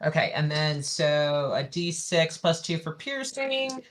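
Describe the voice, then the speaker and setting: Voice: medium pitch, big pitch swings, takes it slowly, fairly bright tone. A player in a tabletop game who sounds eager and upbeat while adding up dice aloud. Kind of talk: casual tabletop play.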